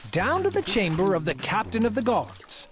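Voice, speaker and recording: A woman reading a children's picture book aloud in a lively, expressive storytelling manner. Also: mid-range voice, normal speed. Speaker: storybook reader.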